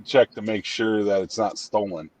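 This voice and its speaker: A man's voice: on the low side, normal speed, darkish tone, no room sound. Dry-humored man on a livestream. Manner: dry, wry asides and anecdotes. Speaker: gun shop co-host. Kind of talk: casual livestream chat.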